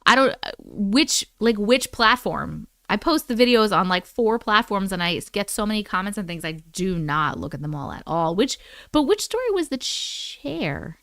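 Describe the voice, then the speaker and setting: On a casual livestream, an Oklahoma woman reads through viewer chat and vents, animated and exasperated, cursing frequently and breaking into laughter. Her mid-range voice moves at a normal speed. The sound is clean studio audio with no room noise.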